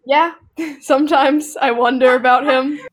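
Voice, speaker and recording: A young woman playing in a tabletop game, giggly and excitable in casual chat. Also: high voice, a little slow. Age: young adult. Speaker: player.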